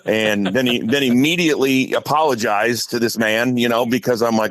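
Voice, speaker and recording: A man's voice: medium pitch, normal speed, fairly bright tone, dry recording. A middle-aged man from Wisconsin with an Upper Midwest accent, a coach telling a long, rambling story as a podcast guest. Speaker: guest, high school head football coach.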